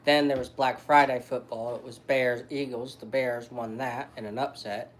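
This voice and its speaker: Man, mid pitch, casual game-by-game sports recap, slight background noise. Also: normal speed. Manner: steady listing of game results. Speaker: family member recapping sports.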